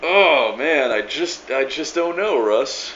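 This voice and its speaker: A man's voice: mid-range voice, animated, slow, fairly bright tone, a little hiss or hum. A middle-aged man giving a rambling video reply, stammering, repeating words and swearing with emphatic force. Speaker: vlogger replying to another creator. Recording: echoey room, dull lo-fi sound.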